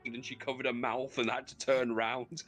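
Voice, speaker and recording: A man's voice: medium pitch, brisk, soft background music. A man hosting a gaming stream, chatting casually, telling stories with lots of swearing and laughter. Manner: animated storyteller, swears and laughs often. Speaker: gaming channel host. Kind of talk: casual chat while playing a video game.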